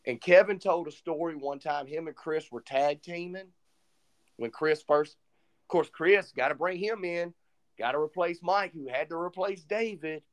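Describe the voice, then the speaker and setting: Casting: male podcast co-host, slightly higher voice, lively storyteller. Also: normal speed. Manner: animated retelling, acts out quoted dialogue. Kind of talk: casual storytelling chat.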